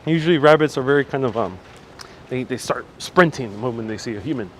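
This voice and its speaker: A man's voice: medium pitch, expressive, fast talker, a little hiss or hum. A man hosting a live walking tour outdoors, chatting casually and reacting to viewer comments as he goes. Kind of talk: casual live-stream narration. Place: outdoors on city streets. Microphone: phone on handheld gimbal.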